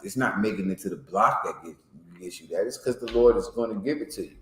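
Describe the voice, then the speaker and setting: A man's voice: sits low, moderate pace, slight background noise. A man teaching an informal Bible class, explaining verses in plain slang and often checking in with "you know what I'm saying?". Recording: echoey room.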